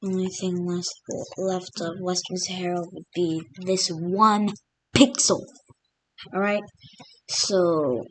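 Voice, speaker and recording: Speaking slowly in a fairly low, steady voice, a woman talks over a map for her video. Her narration is casual and meandering, thick with "like" and "literally."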